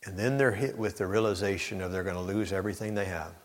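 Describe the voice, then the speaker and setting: Speaking fast in a low-pitched voice, a male preacher delivers a sermon straight to the congregation, his intensity surging until he is nearly shouting for emphasis. Long hall reverb colors the recording.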